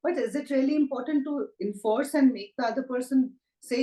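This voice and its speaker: A woman, a Reiki teacher speaking gently and reflectively in a conversational talk, often asking rhetorical questions. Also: high-pitched, brisk, echoey room, poor audio. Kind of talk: conversational talk on self-help.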